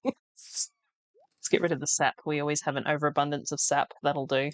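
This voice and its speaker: Woman doing cozy game commentary, chatty and wry, lowish voice, dry close sound. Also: fairly even intonation, normal speed, no echo. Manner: chatty, wry asides, laughs at herself. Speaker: let's play host. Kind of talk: casual gameplay commentary.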